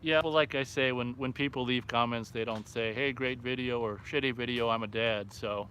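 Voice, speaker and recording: Outdoors by a fire at night, a man hosts a casual live stream, reading viewer chat aloud and reacting offhandedly. His mid-range voice has a measured pace and fairly bright tone, with a little hiss or hum in the recording.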